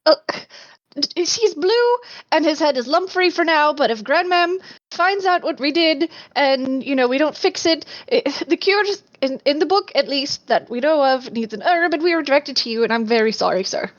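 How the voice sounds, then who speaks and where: A woman's voice: high voice, lively intonation, normal speed, dull audio, pitched above the performer's own voice. A woman voicing a nervous, apologetic young rabbit-folk woman in a tabletop game. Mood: pleading.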